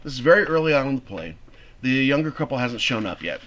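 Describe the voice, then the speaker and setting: A man teaching a theater class, explaining a play in an animated, conversational way. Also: medium pitch, fast, dull audio, slight background noise. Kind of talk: classroom lecture.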